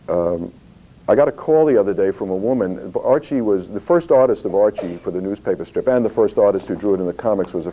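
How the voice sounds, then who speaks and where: A man with a deep, mellow voice gives an anecdotal talk at a historical society about his comics company. He tells stories and acts out the quoted voices, using many fillers and restarts. The recording is rough.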